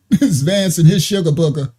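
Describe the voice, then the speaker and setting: Reaction streamer, lively delivery with a soft husky tone, mocking and laughing between half-finished sentences. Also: mid-range voice. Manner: mocking, laughs often, trails off and restarts. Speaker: commentator. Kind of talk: livestream reaction commentary.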